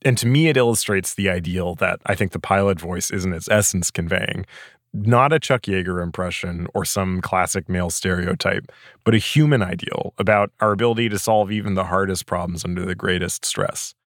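A man's voice: low voice, a little fast, a bit bright, no echo, studio quality. A man hosting a podcast, talking in a reflective, casual way and laughing easily. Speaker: podcast host.

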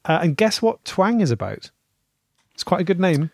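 A man's voice: high-pitched, very animated, moderate pace, vocal fry, darkish tone, no room sound, clean studio sound. A man, co-hosting a comedy podcast, wryly reading out what he has looked up. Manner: wry, looks things up and reads them aloud. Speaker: podcast co-host reading out research. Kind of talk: casual comedic chat.

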